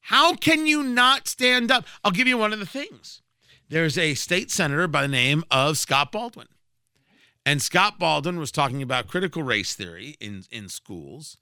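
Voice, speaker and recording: A man's voice: a little high, lively intonation, moderate pace, bright, forceful tone, clean tone, no echo, studio quality. A man hosting a political radio show, giving combative, emphatic commentary with sarcastic asides.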